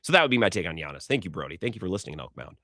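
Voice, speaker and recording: A man hosting a call-in sports radio show, talking in an animated, rambling way as his voice swings widely in pitch. His tone is bright and forceful, and the sound is close and dry in the studio. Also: no echo. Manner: animated, rambling, quick restarts. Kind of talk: casual sports talk radio.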